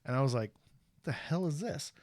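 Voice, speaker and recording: A man's voice: medium pitch, normal speed, no room sound. Guy in his thirties telling old stories on a stream, does the voices, real dry mic. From USA. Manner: animated storyteller who acts out quotes. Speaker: stream host. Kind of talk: casual storytelling.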